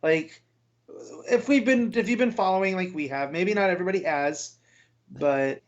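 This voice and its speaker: A man co-hosts a comics podcast in a casual, blunt way and speaks his mind. His voice sits a bit high, and the recording sounds muffled and lo-fi. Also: moderate pace. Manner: opinionated, blunt. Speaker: podcast co-host. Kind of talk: casual chat.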